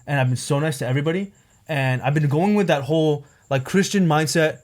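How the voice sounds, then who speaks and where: Fast-talking young man telling a story. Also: on the high side. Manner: rambling, packed with "like" and "right?". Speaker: podcast co-host. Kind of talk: casual storytelling chat.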